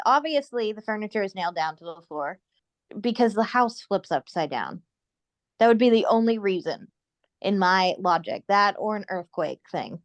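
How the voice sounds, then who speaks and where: A woman co-hosting a casual podcast, retelling a cartoon episode with animated storytelling. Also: medium pitch, no room sound, muffled recording. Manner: animated storytelling, quoting characters in put-on voices. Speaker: podcast co-host. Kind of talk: casual chat recapping a cartoon.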